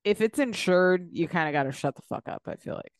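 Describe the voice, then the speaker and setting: A woman co-hosts a gossipy podcast about reality TV, her pitch swinging widely as she acts out quotes from the cast. Her voice sits a little low, and the recording is close and dry with no room sound. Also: fairly quick, clear, resonant tone, dry recording. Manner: animated, swearing, acts out quotes of cast members. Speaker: podcast co-host. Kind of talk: casual chat about reality TV.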